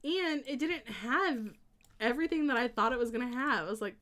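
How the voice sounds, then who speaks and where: A bubbly young woman streamer, chatting with her chat in a light, somewhat high voice. She giggles often between her remarks and reads viewer messages aloud in a casual, friendly way. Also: lively intonation, fairly quick, fairly bright tone. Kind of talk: casual chat while playing a game.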